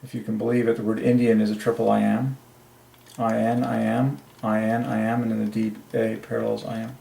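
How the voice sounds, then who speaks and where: A man's voice: on the low side, flat delivery, a little fast, gravelly, dark tone. A man alone at his desk, working through letter counts and muttering to himself as he goes. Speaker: channel host. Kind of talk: solo religious word-number study. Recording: echoey room.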